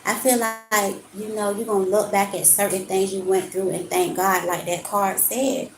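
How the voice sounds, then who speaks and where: Woman card reader, earnest and direct, gravelly tone, echoey room. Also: mid-range voice, flat delivery, moderate pace, slight background noise. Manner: earnest, addresses viewers as y'all. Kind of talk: live-stream card reading and talk.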